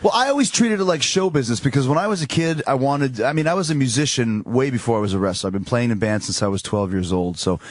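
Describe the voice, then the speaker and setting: A man who is a wrestler and musician, guesting on a radio talk show in a studio and telling stories in a rapid, self-aware way. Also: medium pitch, no room sound. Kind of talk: casual radio interview chat. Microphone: studio microphone.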